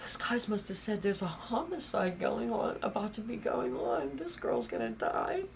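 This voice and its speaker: A woman giving personal testimony in a documentary interview, halting and repeating herself, rising to loud intensity and dropping to whispers. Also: mid-range voice, huge pitch swings, vocal fry, slight background noise.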